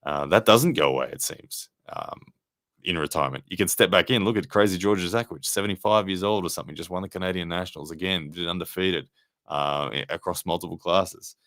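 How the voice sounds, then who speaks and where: Low-voiced man hosting a live review. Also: brisk, a bit bright, no echo, clean studio sound. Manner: rambling, conversational, frequent fillers and restarts. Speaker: livestream host and armwrestling commentator. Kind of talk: casual live review reading chat.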